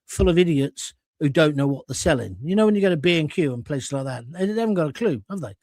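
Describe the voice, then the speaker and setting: A man's voice: fairly high pitch, animated, fast, darkish tone, no echo, clean studio sound. An older man hosting a live-stream chat show, telling rambling jokey anecdotes with self-mocking asides and reading out viewer comments.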